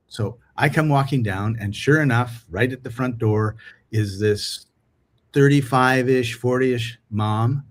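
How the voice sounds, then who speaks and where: A man's voice: medium pitch, slow pace. A middle-aged man from Canada co-hosting a podcast, chatting casually and acting out dialogue as he tells stories. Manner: animated storyteller acting out dialogue. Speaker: podcast co-host.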